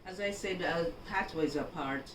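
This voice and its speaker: A woman from Jamaica gives an unhurried, instructive housekeeping demonstration and keeps checking in with her viewer. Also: on the low side. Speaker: housekeeping vlogger. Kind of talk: home laundry-folding demonstration. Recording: echoey room, voice from a distance, background noise.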